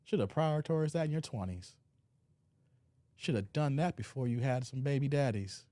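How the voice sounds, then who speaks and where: A man's voice: medium pitch, normal speed, mellow, dry recording. A man hosting a reaction commentary show, joking loosely, laughing often and reading out live chat.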